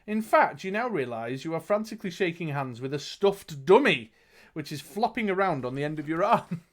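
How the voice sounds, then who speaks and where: A man's voice: on the high side, lively intonation, fairly quick. A young man reading a fantasy gamebook aloud on a live stream, breaking off to chat and laugh. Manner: reads the book aloud with laughing asides. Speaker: game master reading the gamebook.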